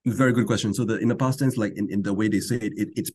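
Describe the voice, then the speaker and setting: A man guest in an interview, patiently explaining grammar, going slowly with frequent restarts and small laughs. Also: lowish voice, fairly even intonation, a little mellow. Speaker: guest language enthusiast.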